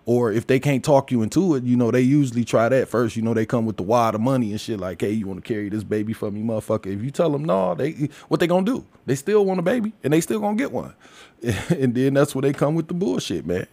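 A man's voice: mid-range voice, sing-song, fast, dry recording. Man, crude and laughing, ranting casually, dry close mic. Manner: crude, loud, laughs often. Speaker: commentator. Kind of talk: casual profane rant.

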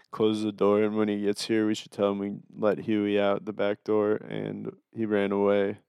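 A young man co-hosting a podcast, telling stories to friends in a lively way with plenty of swearing. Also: fairly low pitch, measured pace, vocal fry, smooth, no room sound, dull audio. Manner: animated storytelling, swearing. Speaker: podcast co-host. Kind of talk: casual chat among friends.

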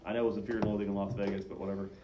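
Guy on a podcast, low voice, sarcastic jokes, sounds echoey and kinda muffled. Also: level tone, racing, noisy background. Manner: wry, sarcastic interjections. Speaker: podcast co-host. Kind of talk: casual chat. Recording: roomy, dull lo-fi sound.

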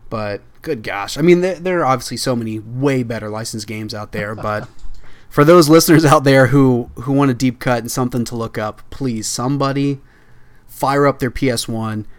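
Young man, podcast host, casual chat, excitable, rambling, mid-pitched. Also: moderate pace. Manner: excitable, rambling, laughs often.

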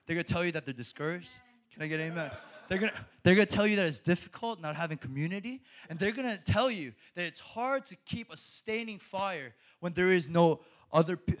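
A young man preaching a sermon to a college ministry, animated, laughing often and restarting his sentences. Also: high voice.

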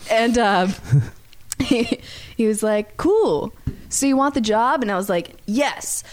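A woman's voice: on the high side, slow pace. Sassy woman telling a story, laughing. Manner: sassy, laughs often, acts out quoted voices. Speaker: radio host, guest telling her story. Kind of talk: casual storytelling.

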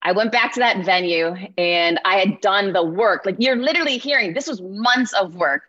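Energetic woman giving a motivational talk. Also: mid-range voice, normal speed. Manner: energetic, often checks in with "right?". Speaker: keynote speaker. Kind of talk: motivational speech. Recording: slightly muffled lo-fi sound.

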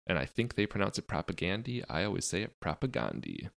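A man's voice: lowish voice, lively intonation, rapid-fire, gravelly, fairly bright tone, no echo. A young man co-hosting a podcast, rambling loosely and cracking crude jokes. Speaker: podcast co-host. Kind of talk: casual chat.

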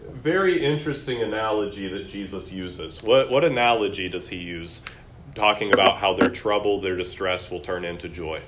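Male Bible study teacher, low-pitched, quizzes his class, faint background noise. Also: normal speed. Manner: questions the class and reads scripture aloud.

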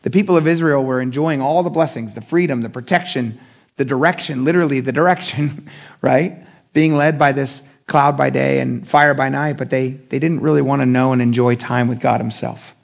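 A young adult man preaching a casual midweek sermon, talking in an animated, conversational way with slang and acting out the voices he quotes. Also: mid-range voice, normal speed, vocal fry. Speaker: pastor.

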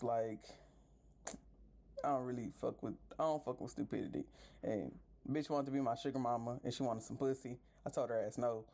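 A woman's voice: a bass voice, dark tone. A woman hosting a podcast, ranting casually and profanely with exasperated bursts of laughter. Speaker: podcast host.

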